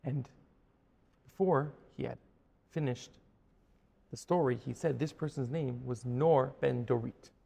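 A man telling a story in a sermon as a Torah teacher, dramatic, dropping to a hush and then rising to emphatic peaks. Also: mid-range voice, unhurried, creaky, long pauses, husky, long reverb tail. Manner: dramatic, swings from hushed to emphatic.

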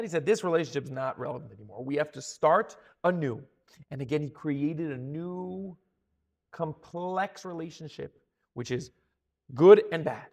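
A Torah teacher delivers a sermon in a high, gravelly voice, staying animated throughout. He takes on the voices of the people he quotes and frequently stumbles and restarts his words.

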